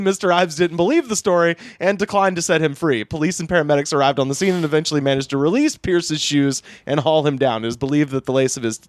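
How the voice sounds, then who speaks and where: A man hosting a comedy podcast. He reads a news story aloud in a halting way, with many fillers. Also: fairly high pitch, no room sound, studio quality. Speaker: podcast host.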